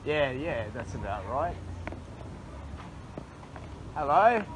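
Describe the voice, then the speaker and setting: A friendly Australian man with a slightly high voice greets people one after another with cheery quips. He is recorded on a camera strapped to his chest while he walks outdoors. Steady street noise runs under his voice. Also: slow. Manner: chatty, jokey, cheery greetings. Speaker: charity walker greeting locals. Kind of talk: casual chat while walking.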